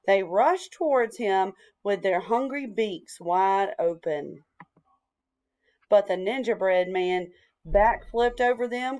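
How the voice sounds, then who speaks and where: Woman storyteller, slow and deliberate picture-book reading, mid-range voice. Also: medium pitch, a little mellow.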